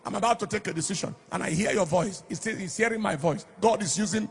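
A man preaching a sermon emphatically, shouting and lilting on key phrases. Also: high voice, fast, gravelly, a little hiss or hum. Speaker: pastor.

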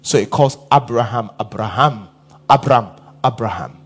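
A man preaching a sermon, asking the congregation questions and building to emphatic shouts. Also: mid-range voice, normal speed, slightly rough. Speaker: pastor.

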